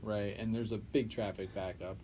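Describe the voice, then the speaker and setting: A young man co-hosting a podcast, chatting casually and telling stories with lots of swearing and loud acted-out quotes. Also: on the low side, normal speed, a little hiss or hum, rough recording. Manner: animated storyteller, swears freely, acts out quotes loudly. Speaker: podcast co-host. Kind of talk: casual chat.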